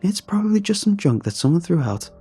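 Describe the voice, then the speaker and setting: A man's voice: sits high, sing-song, brisk, dark tone, slightly rough, soft background music, pitched above the performer's own voice, full character voice. A man voicing an insistent teenage girl in a horror story reading. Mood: uneasy. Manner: insistent, matter-of-fact. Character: eager teenage girl, ghost-hunting friend.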